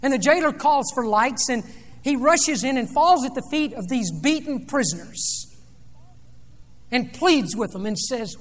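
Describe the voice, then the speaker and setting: A man preaching a sermon, retelling a scripture story dramatically, rising loud and dropping soft. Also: very high-pitched, lively intonation, a little slow. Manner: dramatic storytelling with sweeping swings in loudness. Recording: long reverb of a large hall.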